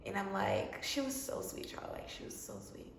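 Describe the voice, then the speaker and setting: A young woman vlogger telling a personal story to camera in a chatty, expressive, slangy way, acting out both sides of her phone calls. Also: mid-range voice, normal speed, gravelly, background noise. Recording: roomy sound from a distant mic.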